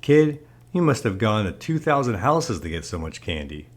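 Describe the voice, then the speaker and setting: A man's voice: on the low side, big pitch swings, normal speed. A man reading aloud, voicing a blunt policeman talking to a child. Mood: stern. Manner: stern, blunt. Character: gruff grown man policeman.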